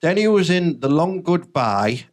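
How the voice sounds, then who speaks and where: A Teesside man hosting a comedy podcast, trading deadpan, teasing jokes with his co-host. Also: on the high side, unhurried.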